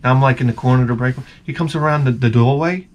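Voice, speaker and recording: A man telling a comedic story in an animated rant, swearing and stammering through restarts. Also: medium pitch, fast talker, slight background noise. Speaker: comedic vlogger.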